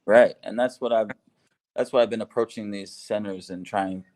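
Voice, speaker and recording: A man with a fairly low voice chats casually and with an upbeat tone. He talks in an easygoing way and laughs easily. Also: steady tone, normal speed, darkish tone. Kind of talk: casual video call chat.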